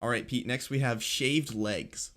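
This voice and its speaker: A man's voice: mid-range voice, unhurried. A young man co-hosting a podcast, telling stories in a casual chat, acting out voices and laughing often. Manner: animated storyteller, acts out voices, laughs often. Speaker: podcast co-host.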